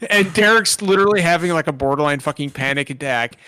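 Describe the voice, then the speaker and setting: A man co-hosting a casual gaming podcast, telling stories in an animated way and swearing freely. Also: on the high side, quick pace, clean tone, no echo. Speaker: podcast co-host.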